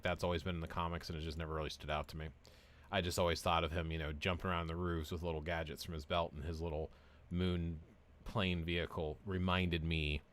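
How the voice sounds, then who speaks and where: Deep-voiced guy streaming a game, just rambling and chatting back at his viewers. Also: a bit bright. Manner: rambling, chatty, answers viewers' comments aloud. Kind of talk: casual live-stream chat while playing.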